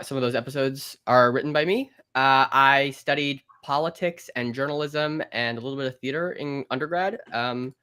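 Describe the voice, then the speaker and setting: A woman's voice: rumbling low, fairly bright tone. A young woman, a comedy writer, chatting upbeat with fillers over a webcam on a video call. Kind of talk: casual chat on a video call.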